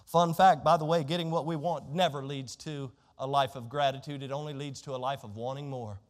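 A man's voice: medium pitch, fairly even intonation, a little fast. A man preaching a sermon as pastor, emphatic, reading scripture aloud in a church. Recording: long hall reverb.

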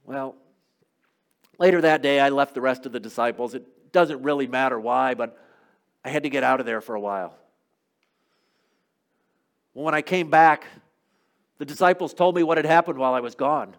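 A man preaching a sermon as a first-person dramatic monologue, telling the story and swinging from loud to hushed. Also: medium pitch, normal speed, pauses often.

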